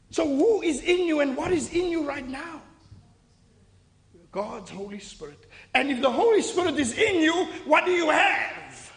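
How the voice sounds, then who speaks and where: High-pitched, gravelly man preaching a sermon. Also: fairly bright tone. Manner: repetitive stammering restarts, questioning the congregation. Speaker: pastor. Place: church hall. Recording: echoey hall.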